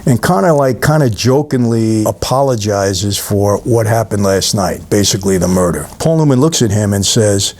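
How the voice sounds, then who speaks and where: A man's voice: on the low side, expressive, normal speed, few pauses, darkish tone. A middle-aged man with a New York accent hosting his channel, casually retelling film scenes and speaking straight to his viewers. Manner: conversational storyteller, addresses viewers directly, retells scenes. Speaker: channel host reviewing a film. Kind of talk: casual talk-to-camera film recap.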